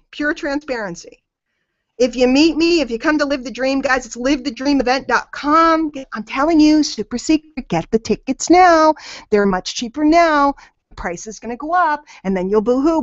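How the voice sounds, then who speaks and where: Female motivational coach, emphatic and repetitive, slightly high voice, dull dry lo-fi call audio. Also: dry recording. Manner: emphatic, repeats key phrases. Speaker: network marketing coach.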